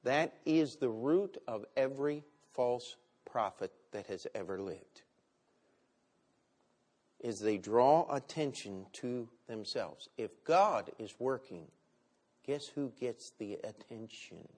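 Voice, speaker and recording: A man preaching a sermon, with big swings between loud and quiet. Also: mid-range voice, animated, takes it slowly. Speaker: pastor.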